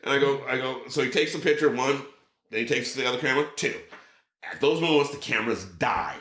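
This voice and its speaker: A man with a bright, forceful voice spins an excited story in casual chat, swearing as he goes and slipping into other people's lines. His voice rings in a roomy, echoey space. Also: mid-range voice, brisk. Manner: animated, swears freely, acts out quotes. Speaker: podcast guest, drummer.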